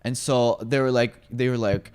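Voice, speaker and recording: A man's voice: mid-range voice, fairly even intonation, normal speed, a little mellow, smooth. A man co-hosting a casual podcast, ranting in a blunt way and swearing freely. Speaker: podcast co-host.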